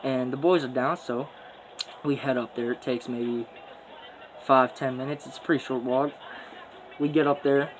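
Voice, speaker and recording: A man's voice: medium pitch, steady tone, moderate pace, long pauses, a little hiss or hum, low-quality recording. Swaggering young man telling a story. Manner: profane, boastful, rambling street slang. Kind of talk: casual storytelling.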